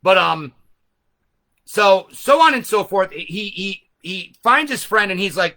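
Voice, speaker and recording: A man's voice: high-pitched, lively intonation, unhurried, bright, forceful tone. A man hosting a video, retelling a movie in a casual, rambling, profane way with frequent self-corrections. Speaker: host.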